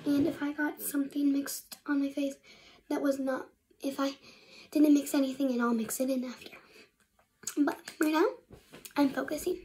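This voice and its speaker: A woman's voice: high-pitched, level tone, normal speed, pauses often, dark tone, a little hiss or hum. A young female vlogger talking casually through her bedtime skincare routine, rambling and often half-whispering to herself. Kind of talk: casual get-ready-with-me vlog.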